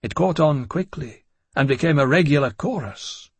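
A male audiobook narrator voices a first-person gothic novel with a deliberate, dramatic delivery. There's a husky grain to his ordinary-pitched voice. The sound is close-miked and dry, without any room echo.

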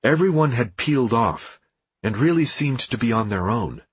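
A man narrating an audiobook in a steady, measured reading with a husky voice. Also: medium pitch, no echo.

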